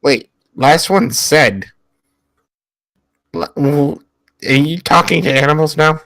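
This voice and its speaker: A man's voice: a little high, slow, fairly bright tone, no echo. A man playing a tabletop game, voicing his character in a rambling, hesitant, goofy way. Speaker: player.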